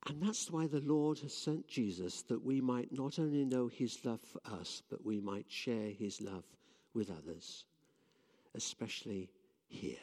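A man's voice: mid-range voice, measured pace, darkish tone. A man giving a sermon, telling stories earnestly with frequent restarts, in a church. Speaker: preacher. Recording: long reverb of a church hall.

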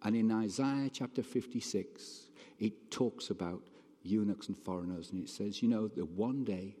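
A man's voice: on the low side, moderate pace, dark tone, slightly rough. A man preaching a sermon in a conversational, emphatic way, often stopping to ask his listeners questions. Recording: long reverb hall.

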